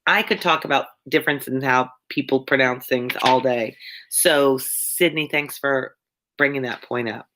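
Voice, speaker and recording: A woman's voice: a bass voice, unhurried, background noise. A tired woman with a Southern American accent, an ESL teacher chatting casually and rambling with viewers between chapters. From Michigan. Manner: chatty, meandering, drawling when tired. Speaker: ESL teacher and read-along host.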